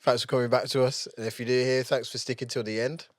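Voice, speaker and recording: A man's voice: mid-range voice, little pitch movement, fast, dry recording, clean studio sound. A man hosting a casual dads' podcast, easygoing as he chats and signs off the show. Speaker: podcast host. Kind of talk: casual chat among dads.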